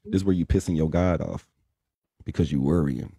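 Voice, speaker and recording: A young man with a deep, low voice chats on a late-night live stream. He talks bluntly and profanely, preaching at his viewers. His voice sounds dark and close, with no room around it. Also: a little fast, slightly rough, no echo. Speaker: livestream co-host. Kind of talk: casual live stream chat.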